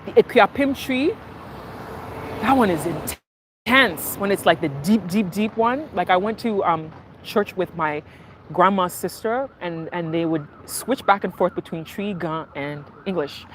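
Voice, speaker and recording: A woman vlogger chatting casually while riding in a car, telling stories in a lively way. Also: on the low side, measured pace, slight background noise. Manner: animated storytelling, acting out market sellers and her mother. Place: inside a moving car.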